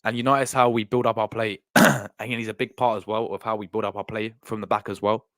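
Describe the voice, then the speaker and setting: A young man hosts a casual live stream in a slightly low voice. He rambles, restarts and repeats himself while he answers his chat. The sound is dry and close. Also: level tone, brisk, fairly bright tone, no echo.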